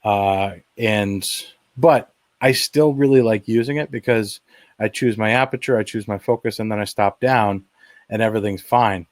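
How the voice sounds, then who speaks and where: A man with a fairly low voice talks through his own demo video during a webinar. He explains eagerly and casually, with plenty of "uh" and restarts. The sound is dry and close, with no room echo. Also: moderate pace. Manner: enthusiastic, explanatory, frequent fillers and restarts. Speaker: webinar presenter. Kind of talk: casual live demo commentary. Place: at home.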